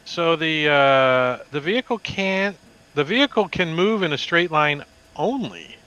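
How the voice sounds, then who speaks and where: A man narrating as dungeon master, animated and throwing in sound effects. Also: a little high, a little slow, clean tone, muffled recording. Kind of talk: narrating a tabletop game.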